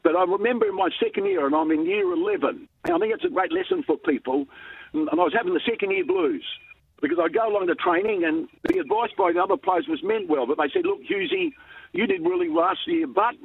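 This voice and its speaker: An older Australian man telling a story in an interview, lively and chuckling between lines. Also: gravelly, slightly rough, dry recording. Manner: animated storyteller, lively pitch jumps, chuckles. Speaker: interview guest, former cricket captain. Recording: dry, tinny phone-like line.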